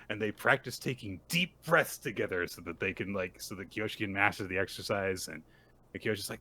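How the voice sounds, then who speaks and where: A man co-hosting a casual podcast, excitedly retelling a story and acting out the characters' lines. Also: fairly low pitch, brisk. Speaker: podcast co-host. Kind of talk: casual chapter recap.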